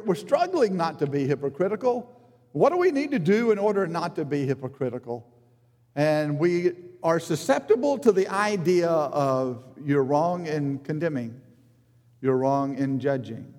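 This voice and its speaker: A man's voice: big pitch swings, moderate pace. Earnest preacher man in a reverberant hall. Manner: earnest, rises in emphasis then drops low and quiet. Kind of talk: sermon.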